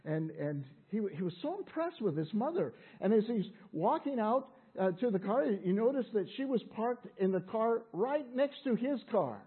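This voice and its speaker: A man's voice: high voice, big pitch swings, moderate pace, few pauses, slightly rough. A man preaching a sermon in a conversational way, often repeating words as he restarts. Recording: tinny phone-like sound.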